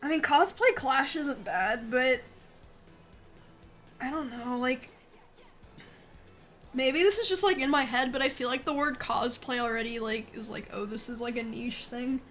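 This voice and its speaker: A woman's voice: sits high, unhurried, long pauses, fairly bright tone, faint music behind. A young woman streaming from home, chatting casually and thinking aloud, laughing often at her own ideas.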